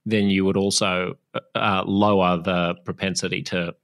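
A man's voice: sits low, level tone, normal speed, fairly bright tone. A man hosting an interview, asking curious questions and speculating aloud in a casual, joking way. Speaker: podcast host.

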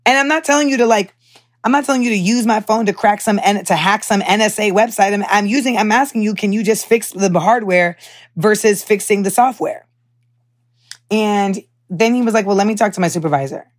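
A young woman hosts her podcast in casual chat. She talks candidly and with animation, full of fillers and the odd curse. Her voice sits at an ordinary middle pitch. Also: a little fast. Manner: candid, animated storytelling with profanity and many fillers. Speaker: podcast host.

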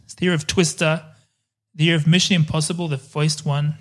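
Chatty man with a slightly high voice. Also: little pitch movement, fairly quick. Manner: rambling, laughs easily. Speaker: podcast co-host. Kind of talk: casual film-review chat.

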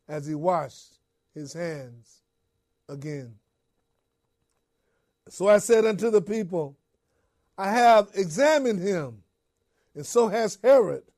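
Slow, high-voiced man preaching dramatically. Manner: slow, dramatic storytelling in first person, dropping to a hush on refrains. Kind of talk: dramatic sermon monologue.

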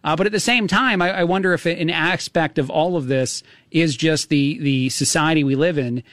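Talk radio host man, rambling with fillers, slightly high voice, dry studio sound. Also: normal speed, fairly bright tone, no room sound. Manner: rambling, full of uh and restarts. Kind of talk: casual talk radio commentary.

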